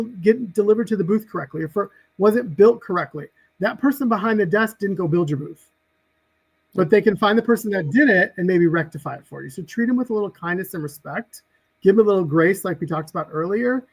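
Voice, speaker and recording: A man's voice: high voice, poor audio. A man, a guest on a casual podcast, telling work stories and acting out the people in them. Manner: animated storyteller, acts out quoted exchanges.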